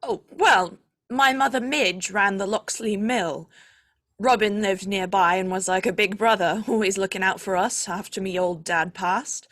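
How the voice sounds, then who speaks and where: A woman's voice: medium pitch, unhurried, fairly bright tone. A woman playing a loyal young miller's son, telling his tale in a folksy, chatty way. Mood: storytelling. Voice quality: chatty storyteller, folksy phrasing. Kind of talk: audio drama acting.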